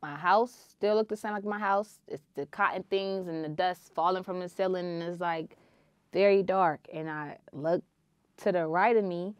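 Woman podcast host, low voice, dry close sound, earnest personal storytelling. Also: steady tone, moderate pace, clean tone, no echo, muffled recording. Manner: earnest, intense storytelling with sudden loud swells.

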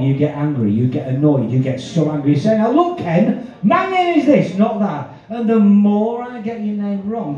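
Profane stage hypnotist, echoey and distant. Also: male voice, a little high, mellow. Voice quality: profane, teasing banter. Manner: drawn-out soothing commands between brash jokes. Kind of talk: live stage hypnosis show patter. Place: live show venue. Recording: dull, echoey live recording from afar.

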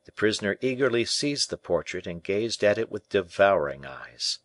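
Man, deep voice, dry sound, scripted narration, measured. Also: sing-song, fairly bright tone, no echo. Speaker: audiobook reader.

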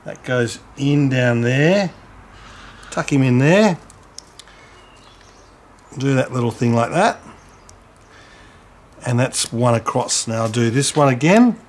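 A man gives a casual, gentle how-to demonstration at a potting bench. He chats to the camera person as he works. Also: mid-range voice, expressive, takes it slowly, long pauses, a little hiss or hum. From Australia. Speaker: home gardener demonstrating seedling transplanting. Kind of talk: casual how-to demonstration with some scripted narration.

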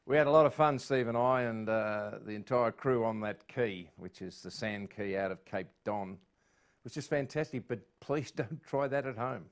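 A man's voice: mid-range voice, normal speed, clear, resonant tone. An Australian man hosting a live studio show, chatting and laughing while answering viewers. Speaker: show host.

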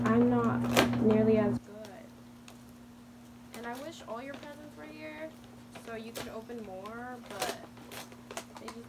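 A young woman vlogger gushing and swearing with excitement as she unboxes presents from a friend. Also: on the high side. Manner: gushing, emotional, swears, exclaims often. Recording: loud background noise.

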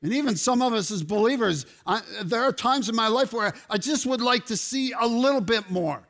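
A man preaching a sermon as pastor, animated and rising to loud exclamations. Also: very high voice, fairly quick. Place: church sanctuary.

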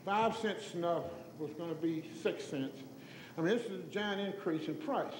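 High-voiced older Texan man in echoey hall. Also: normal speed. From Tyler, Texas. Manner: animated, acts out voices in his stories, chuckles. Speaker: storyteller giving an oral history. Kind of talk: folksy anecdotal talk to an audience. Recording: echoey hall recording with faint noise.

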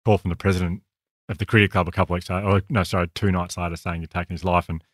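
Australian male podcast co-host, earnest and fast, dry close mic. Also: sits low, flat delivery, dry recording. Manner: earnest, talks quickly with restarts. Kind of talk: candid conversational storytelling.

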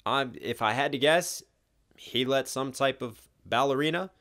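A young man, a rapper, reacting to a music video in casual, animated commentary, swearing and laughing often. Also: medium pitch, normal speed.

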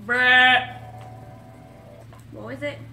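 Loud playful high-pitched young vlogger. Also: fairly even intonation, extremely slow, vocal fry, reverberant, soft background music. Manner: loud, playful guesses and half-sung lines. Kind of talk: casual party game chat.

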